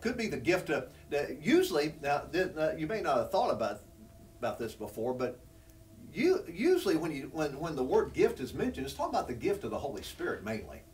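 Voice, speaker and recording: A man's voice: on the high side, huge pitch swings, a little fast, darkish tone, far from the mic, slight background noise. A man preaching a sermon, teaching from scripture in an earnest, conversational way that rises when he presses a point. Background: congregation responding.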